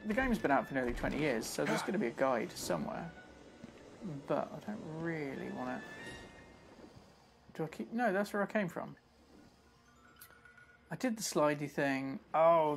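A man's voice: on the high side, gravelly. A man giving chatty, self-mocking live commentary while he plays a video game and talks to his viewers. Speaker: streamer playing a game. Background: game music.

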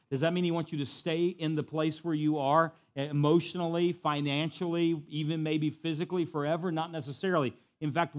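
A pastor preaching a sermon to a church, repeating key lines for emphasis and swinging from quiet to loud. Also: male voice, mid-range voice. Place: church sanctuary.

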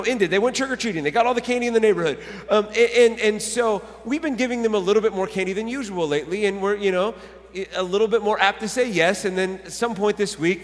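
A man in his thirties preaching a sermon, telling stories with lively laughs and stumbling restarts. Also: sits high, long reverb tail. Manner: animated storytelling with laughs and self-corrections. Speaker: pastor. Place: church sanctuary.

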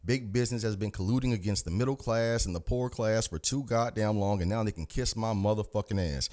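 A man's voice: on the low side, a little fast, darkish tone. A man delivering a fiery, profane political rant, preaching straight at the listener in a combative, commanding way. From United States. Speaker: channel host.

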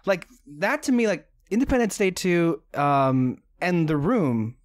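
A man's voice: high voice, sing-song, a little slow, no echo, clean studio sound. A man co-hosting a podcast in casual chat, rambling with lots of ums and likes. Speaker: podcast co-host sharing his movie list.

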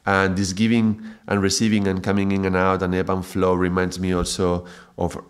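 Low-voiced man teaching mantra, reflective. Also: normal speed. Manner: reflective, builds to excited laughing bursts. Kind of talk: spoken video lesson.

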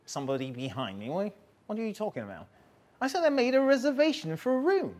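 A man's voice: sits high, big pitch swings, fast talker, a little mellow, slight background noise. A man with a Nigerian accent playing a pompous hotel guest who brags and puts on a posh air. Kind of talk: Nollywood comedy acting.

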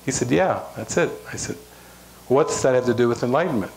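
Male spiritual teacher, mid pitch, lively storyteller, faint hiss behind. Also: a little fast, gravelly, rough recording. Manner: animated storyteller acting out dialogue. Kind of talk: storytelling talk to a group. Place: room in a monastery.

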